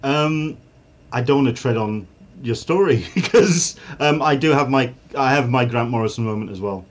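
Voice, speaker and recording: Male co-host, mid-pitch, halting casual delivery with restarts. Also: animated. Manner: hesitant, many fillers and restarts. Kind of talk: casual chat.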